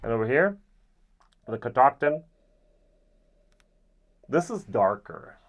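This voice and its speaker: A man giving a casual, rambling whisky tasting review, often pausing with ums. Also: medium pitch. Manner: relaxed, rambling with frequent ums.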